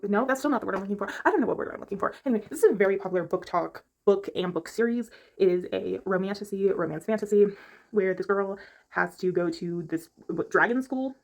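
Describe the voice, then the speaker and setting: A chatty woman talks casually about books, in a voice of ordinary pitch. She rambles from point to point and stops to hunt for the right word. She speaks from her bedroom. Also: fast talker. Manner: chatty, rambling, gropes for words. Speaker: book reviewer. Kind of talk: casual chat.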